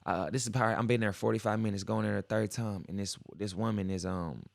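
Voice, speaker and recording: A man's voice: fairly low pitch, fast, creaky, no room sound, clean studio sound. A young man hosting a podcast, telling a long story in casual slang and acting out what people said. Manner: slangy, animated, acts out quoted voices. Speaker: podcast host.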